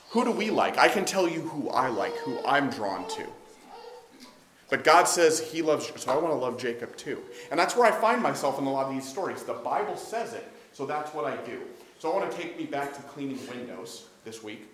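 A man's voice: medium pitch, animated, normal speed. A man giving a conversational sermon, telling stories, acting out dialogue and asking his listeners questions. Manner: storytelling, acts out dialogue, asks the audience questions. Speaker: preacher. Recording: echoey room with faint background noise.

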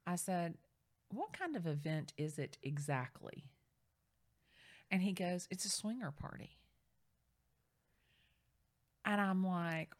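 A middle-aged woman in casual chat, telling a story with lively, acted-out quotes. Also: fairly low pitch, measured pace, pauses often. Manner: animated storyteller, acts out quoted voices. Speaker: real estate agent.

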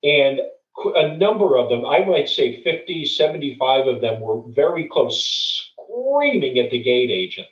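A man's voice: mid-range voice, sing-song, measured pace. Earnest middle-aged man in an echoey room. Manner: earnest, with frequent restarts and repeated words. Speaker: guest speaker. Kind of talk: conversational storytelling and advice. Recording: dull, distant, roomy recording.

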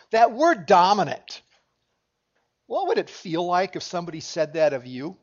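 High-voiced pastor preaching a sermon. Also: male voice, sing-song, moderate pace, darkish tone, highs cut off. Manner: conversational, asks the congregation questions. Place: church sanctuary.

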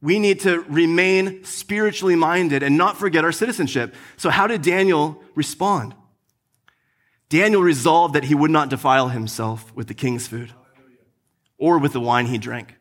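A young adult man delivers a sermon and weaves in a personal story. He acts out his own frustration with animated energy, and his voice sits a little higher than most men's. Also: normal speed. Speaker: pastor.

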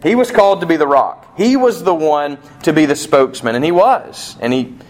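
A man preaching a sermon in a conversational way, asking rhetorical questions and acting out quoted lines, slowing down to stress key points. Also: on the high side, lively intonation. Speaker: pastor.

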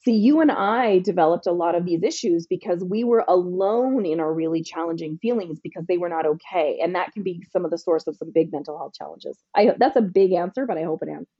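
A woman's voice: fairly low pitch, fairly quick, few pauses, husky, dry recording, lo-fi sound. A woman parenting coach answering an interview question in an emphatic, punchy way, sometimes acting out what parents and teens say. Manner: emphatic, punchy, acts out parent and teen lines.

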